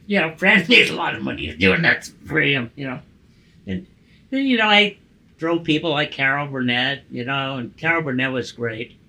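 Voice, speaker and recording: A man in his sixties, a podcast guest, telling profane, animated stories in casual conversation and acting out the dialogue. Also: on the high side, moderate pace, gravelly, low-quality recording. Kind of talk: casual storytelling interview.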